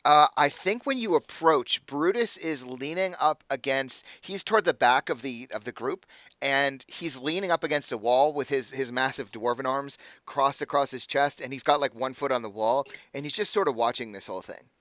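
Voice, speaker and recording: A man's voice: mid-range voice, normal speed, fairly bright tone, no room sound. A man narrating a tabletop game as game master, rambling with lots of fillers.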